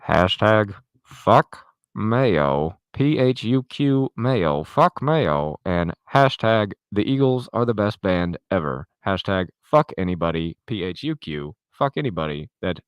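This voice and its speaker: A man doing a slow, gruff voice for a male chat commenter, drawing out each word. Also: on the low side, big pitch swings, no room sound, pitched below the performer's own voice. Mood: mocking.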